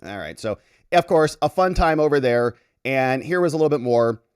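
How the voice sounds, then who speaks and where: This host, a lawyer commentator, has a medium-pitched, clean-toned voice at a moderate pace. He chats and jokes animatedly as he reacts to clips on his casual commentary show, with jokey asides throughout. The recording is dry, with clean studio sound.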